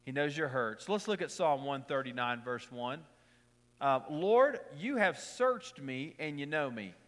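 High-voiced pastor preaching in a reverberant hall. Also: male voice, animated, fairly bright tone. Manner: conversational preaching with repeated lines and quick personal stories. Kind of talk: sermon.

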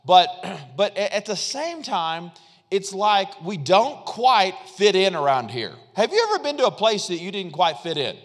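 A man's voice: high-pitched, very animated, normal speed, in a large hall. A man pastor preaching a sermon in a church, conversational and repetitive, calling on the congregation to respond.

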